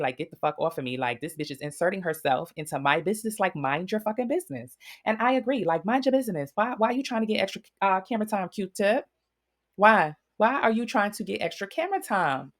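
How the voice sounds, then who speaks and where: A woman hosting a casual reality-show gossip recap, blunt and profane. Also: low voice. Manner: blunt, profane, animated storytelling. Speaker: recap host.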